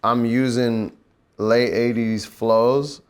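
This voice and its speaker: A young man from Nigeria, a musician, talking in a relaxed, reflective way in a casual interview. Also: medium pitch, very slow, smooth. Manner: relaxed, reflective, slips into rap flows.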